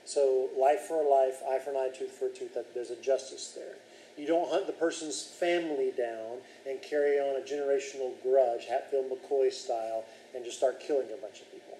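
A man's voice: mid-range voice, steady tone, moderate pace, dark tone, echoey room, slight background noise, rough recording. A man leading a Bible study class, reading scripture aloud and then explaining it and questioning his students.

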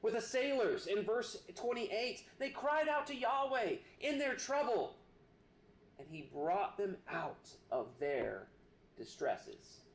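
Earnest preacher guy, stops and restarts a lot, pitch all over the place, echoey room. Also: big pitch swings, a little hiss or hum. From United States. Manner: earnest, halting with many restarts. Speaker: pastor. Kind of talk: sermon.

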